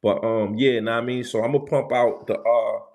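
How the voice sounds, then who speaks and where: A man's voice: mid-range voice, steady tone, a little fast, darkish tone. Bronx guy on a livestream, new york accent, street slang, says stuff twice. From New York City, the Bronx. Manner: loose, street slang, repeats phrases. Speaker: livestream host. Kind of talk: casual livestream chat with viewers.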